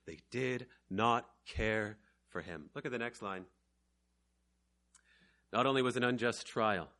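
A man preaching an evangelical sermon to a room of young and older listeners, swinging from slow, quiet lines to loud, emphatic ones. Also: mid-range voice.

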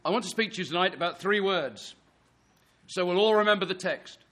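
A man's voice: high-pitched, brisk, fairly bright tone. A man preaching an earnest sermon, reading scripture and pressing his listeners with emphatic rhetorical questions.

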